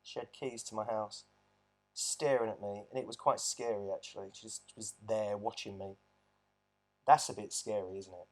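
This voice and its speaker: A man's voice: on the low side, steady tone, normal speed. A man talking earnestly about his own experience in a reflective storytelling monologue, often restarting his sentences. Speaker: abuse survivor vlogger.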